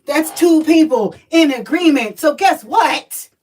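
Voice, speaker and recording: Lively cussing woman spinning a story for her stream, kinda high voice, sits back from the mic. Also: slow, far from the mic, low-quality recording. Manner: animated, profane, talks straight to viewers. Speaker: live streamer telling a personal story. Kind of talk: casual storytelling livestream.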